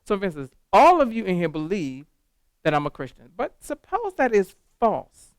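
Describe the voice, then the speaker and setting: A man leading a teacher training workshop, lively and animated, quizzing the room with questions as he goes. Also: sits high, normal speed, clear, resonant tone, no echo. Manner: animated, talks to the room with call-and-response questions. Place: classroom.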